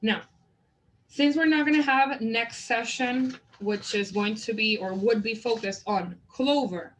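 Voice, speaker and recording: A woman training teachers in a literacy method, explaining it and sounding out example words slowly and deliberately. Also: fairly high pitch, slight background noise, rough recording. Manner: slow, deliberate word modeling. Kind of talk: instructional demonstration.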